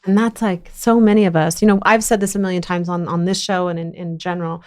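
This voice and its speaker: A woman with a slightly low voice hosts a casual podcast interview. She gushes with enthusiasm, circles back on her own phrases and piles on praise. Her talk is loose and conversational. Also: little pitch movement, fast, a little mellow. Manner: enthusiastic, effusive, repeats herself. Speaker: podcast host.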